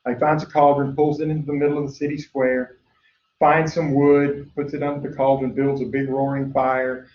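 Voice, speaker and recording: A man's voice: medium pitch, level tone, normal speed, distant mic. A man teaching a recorded biology lecture in a chatty way, with frequent "uh" fillers, drifting into storytelling. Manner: chatty, lots of "uh" fillers, acts out story voices. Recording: echoey room, dull lo-fi sound, faint hiss.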